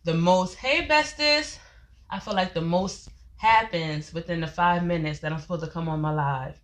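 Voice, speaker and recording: A woman's voice: deep voice, steady tone, normal speed. A woman, chatting casually on a livestream and addressing viewers as y'all, a little out of breath. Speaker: life coach and company founder.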